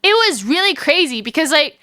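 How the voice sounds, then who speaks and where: Australian woman, livestreamer, high clear tone, bubbly and rambling. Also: big pitch swings, pushed and bright, no echo. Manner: chatty and giggly, talks to chat and calls herself by name; fast, rambling talk with many fillers. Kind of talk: casual chat with viewers.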